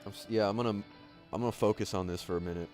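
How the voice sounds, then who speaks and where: A man hosting a livestream, chatting casually as he watches skate clips, rambling with many fillers and excited outbursts. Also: lowish voice, quick pace, soft background music. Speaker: livestream host.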